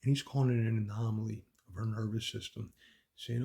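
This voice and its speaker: A man with a dark, gravelly, husky voice tells a long, rambling personal story. He swears freely and keeps restarting his sentences. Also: fairly low pitch, fairly even intonation, fast talker. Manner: profane, repetitive, restarts often. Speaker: son recounting his mother's death.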